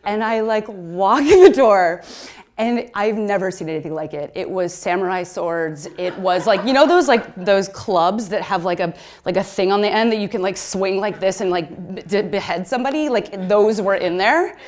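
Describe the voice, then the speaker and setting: A woman in her thirties telling a comic story on stage, excitable and chatty, filling her talk with "like" and laughing through her words. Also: medium pitch, moderate pace. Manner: excitable and chatty, heavy use of "like". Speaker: speaker at a conference talk.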